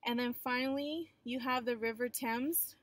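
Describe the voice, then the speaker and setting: A woman's voice: a little high, steady tone, normal speed. A young adult woman teacher giving a recorded geography lecture in a chatty, explanatory way with frequent filler sounds.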